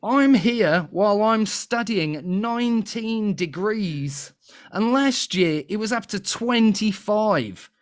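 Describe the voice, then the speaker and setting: A man's voice: sits high, lively intonation, slow, pitched above the performer's own voice. A man doing a brash Australian ranter. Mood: complaining. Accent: Australian, put-on. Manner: belligerent, blunt rant.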